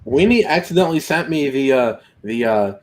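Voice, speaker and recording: Lively laughing man. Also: medium pitch, brisk. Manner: laughs a lot, animated, reads viewer comments. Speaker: podcast co-host reading chat. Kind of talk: casual chat about movies.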